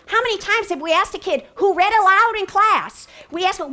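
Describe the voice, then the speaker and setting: A woman teacher-trainer speaks to educators in a higher register. She is animated, slipping into playful classroom voices and soft whispered asides to make her point. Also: fairly quick, hardly any pauses. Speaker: literacy trainer.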